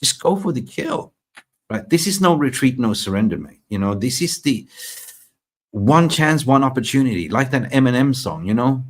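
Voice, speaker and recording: A man from Sweden hosting a fan live stream, chatting excitably and reading out viewer comments. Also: mid-range voice, moderate pace. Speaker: fan channel host. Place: in Thailand.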